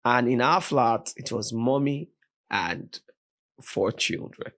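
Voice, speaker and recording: Animated Nigerian man telling a story. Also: mid-range voice, takes it slowly. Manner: animated, vivid retelling with voiced quotes. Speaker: podcast guest. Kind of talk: dramatic storytelling in conversation.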